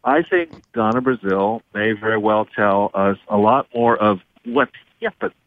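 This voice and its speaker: A man's voice: on the low side, moderate pace, no echo. Man's legalistic commentary over a phone line. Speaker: guest commentator. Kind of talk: political interview.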